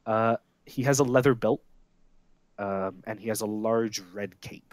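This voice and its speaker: A man narrating as game master for a tabletop game, pausing often with filler sounds as he describes scenes. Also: fairly low pitch, dry recording. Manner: halting, frequent "uh" fillers.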